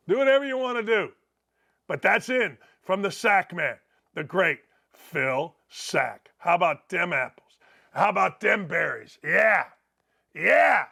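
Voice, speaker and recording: A middle-aged man hosting a sports talk show, rambling and excitable, breaking into loud shouts as he talks betting. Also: high voice, gravelly.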